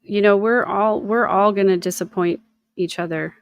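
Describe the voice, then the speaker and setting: A woman's voice: mid-range voice, fairly even intonation, moderate pace, smooth, no echo. A woman hosting a casual livestream chat over a video call, talking in a reflective, encouraging way and often repeating her phrases. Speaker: host.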